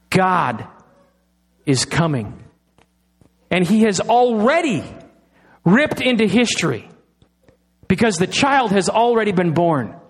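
High-voiced preaching pastor, man. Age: middle-aged. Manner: dramatic pauses, slowing on key phrases. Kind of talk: sermon.

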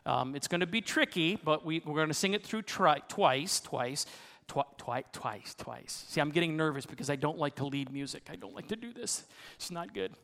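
A man's voice: fairly high pitch, pushed and bright. A man preaching as a pastor, playfully self-deprecating as he coaxes the congregation into a sung round. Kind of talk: sermon with congregational song leading. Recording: long reverb of a large hall.

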